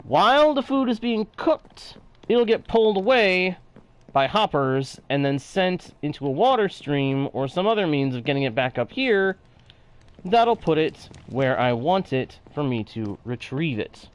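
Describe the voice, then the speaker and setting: A man's voice: fairly high pitch, very animated, unhurried, clean tone. A man with a Texan-sounding drawl, live-streaming a block-building game and chatting with viewers as he explains his build step by step. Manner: talks through building steps, reads chat aloud. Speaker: gaming streamer.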